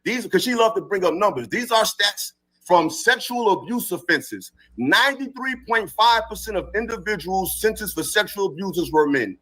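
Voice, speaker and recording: High-voiced man reading stats aloud. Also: lively intonation, moderate pace, pushed and bright, rough recording. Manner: reads statistics aloud, pushes on through interruptions. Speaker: live-stream panelist.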